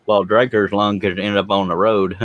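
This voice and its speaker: Low-voiced joking man on a livestream panel. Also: steady tone, measured pace. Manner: joking, laughs often, self-deprecating. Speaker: panel host reading chat questions. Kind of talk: casual livestream chat.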